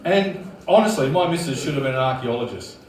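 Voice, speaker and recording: A man in his fifties with an Australian accent, doing a crude, deadpan stand-up routine. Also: medium pitch, fairly quick, a little hiss or hum. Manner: blokey, crude, deadpan delivery. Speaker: stand-up comedian. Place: comedy club stage with live audience. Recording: roomy club sound from a distance.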